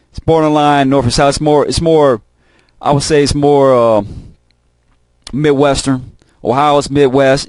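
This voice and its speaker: This profane channel host talks in a mid-range, slightly mellow voice, wandering off topic, repeating himself and swearing constantly in a casual monologue. It's recorded close and dry, with no room sound.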